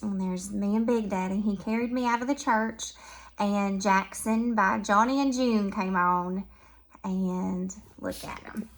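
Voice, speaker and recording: A woman's voice: mid-range voice, measured pace. Chatty Southern woman touring her home decor. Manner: chatty and affectionate, drifting between soft and lively. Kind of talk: casual home decor tour.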